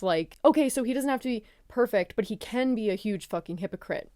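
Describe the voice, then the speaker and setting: Woman, casual film review, profane and expressive, dry close sound. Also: mid-range voice, quick pace, few pauses, no room sound. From ex-Catholic.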